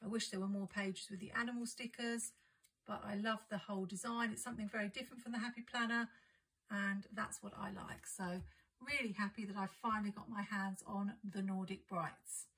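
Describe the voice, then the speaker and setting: A woman's voice: medium pitch, steady tone, fairly quick, a bit bright, breathy edge, rough recording. A woman chatting casually and enthusiastically as she unboxes and describes craft supplies for her vlog. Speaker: craft and planner vlogger. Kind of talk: casual haul unboxing chat.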